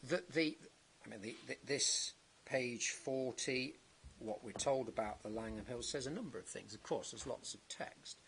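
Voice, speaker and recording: A man cross-examining a witness at a planning inquiry, measured and halting, with many restarts and tag questions. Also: medium pitch, gravelly, a bit bright, a little hiss or hum. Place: public inquiry hearing.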